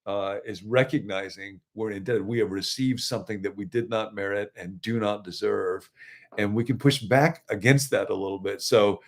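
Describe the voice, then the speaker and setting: A man's voice: fairly low pitch, fairly even intonation, normal speed. A middle-aged man, a pastor, co-hosting a livestreamed devotional talk and teaching in a conversational way with asides to viewers. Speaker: pastor and co-host.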